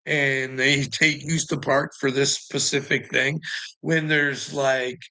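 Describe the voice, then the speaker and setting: A man's voice: mid-range voice, gravelly, pushed and bright. A Canadian man in a rambling casual monologue, swearing a lot and laughing often between sentences.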